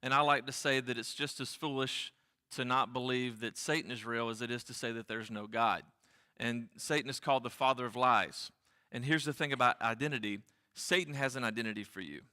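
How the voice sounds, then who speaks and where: In a church sanctuary, a male pastor with a medium-pitched, brisk, sharp voice preaches earnestly, repeating key phrases for emphasis. Long reverb from the church hall fills the recording.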